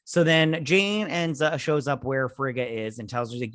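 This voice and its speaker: A man's voice: mid-range voice, steady tone, normal speed, fairly bright tone, dry recording, studio quality. A man hosting a show who recaps an episode in a casual, sarcastic and rambling way, full of filler words. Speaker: host.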